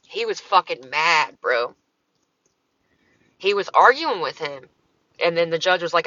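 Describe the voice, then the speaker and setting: A woman's voice: low-pitched, lively intonation, measured pace, long pauses, sharp tone, no echo, highs cut off. A woman talking casually on her livestream, answering comments in a profane, exasperated, rambling way.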